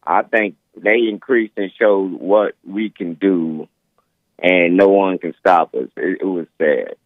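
A man's voice: sits low, slow pace, no room sound. A man from California calling into a talk show, arguing his point in a casual, blunt way. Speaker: caller. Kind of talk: call-in conversation. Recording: tinny phone line.

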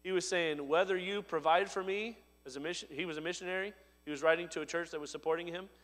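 A man preaching a sermon, his voice swelling to loud emphatic lines and dropping low and soft. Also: steady tone, fast talker, big-room sound. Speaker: pastor.

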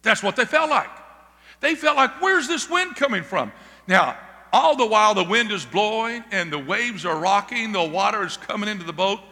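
Male pastor, high and bright, emphatic sermon delivery, big reverberant church. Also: expressive, moderate pace. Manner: emphatic preaching with calls of "Amen?" to the congregation. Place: church sanctuary. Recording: long reverb of a large hall.

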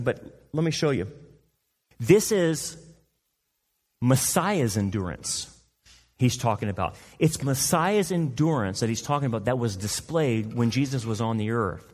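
A man's voice: medium pitch, a little mellow, husky, long reverb tail. A male pastor preaching a sermon, emphatic and fond of rhetorical questions. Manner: emphatic, rhetorical questions, mocking quoted voices.

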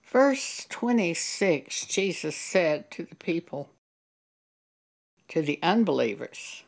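Slow, gravelly woman preacher. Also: on the low side, very animated. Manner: slow, deliberate, earnest teaching. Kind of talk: sermon with scripture reading.

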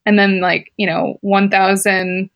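A woman's voice: medium pitch, little pitch movement, a little slow, vocal fry, muffled recording. A woman, a former competitive swimmer, chatting casually as an interview guest and telling a personal story, laughing often and filling her speech with "like" and "you know".

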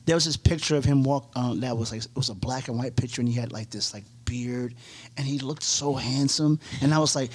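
A man co-hosting a podcast, telling stories in an animated way and swearing freely in casual chat. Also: mid-range voice, brisk. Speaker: podcast co-host.

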